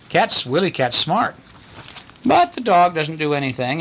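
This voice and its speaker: A man reads bedtime picture books to a child while lying in bed. His bright voice rises and falls in a lively way. He keeps stopping to chat about the drawings. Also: a little high, low-quality recording. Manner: playful, chatty, pauses to point at pictures. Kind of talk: bedtime story reading. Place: in bed at home.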